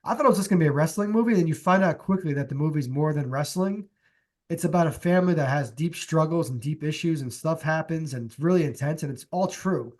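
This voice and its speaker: Young male podcast co-host, slightly high voice, loose and rambling, lots of "um"s. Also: quick pace. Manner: relaxed, rambling, many fillers. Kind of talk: casual chat.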